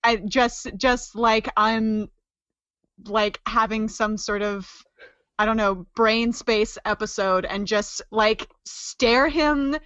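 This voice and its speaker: A woman's voice: fairly high pitch, slow, a bit bright, smooth, dry recording, muffled recording. A woman playing in a tabletop game, describing her moves in a rambling, stop-start way full of "like". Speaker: player. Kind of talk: casual tabletop play.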